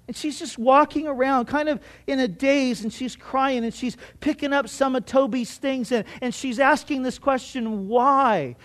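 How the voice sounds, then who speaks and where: High-voiced man preaching a sermon. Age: middle-aged. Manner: earnest storytelling with restarts and strong swings in loudness. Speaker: pastor.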